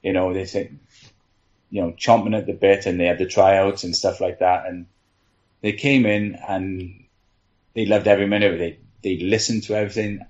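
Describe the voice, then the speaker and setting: A man's voice: sits low, level tone, moderate pace, darkish tone, lo-fi sound. A man, a team trainer, rambling through anecdotes in casual panel chat, with frequent laughs and "you know". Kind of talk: casual storytelling on a podcast panel.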